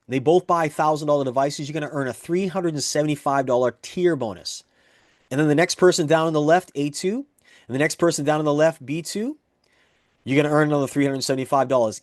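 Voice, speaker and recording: A man presenting a network marketing pay plan, walking through examples in an eager, repetitive sales pitch. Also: a little mellow, no echo, studio quality.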